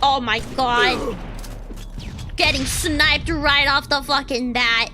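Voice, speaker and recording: High, excitable woman streamer yelling at a shooter. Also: slow pace, music in the background. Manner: excitable, shrieks and swears at the game. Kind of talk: live gameplay commentary. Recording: loud game gunfire under voice. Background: shooter game sounds and gunfire.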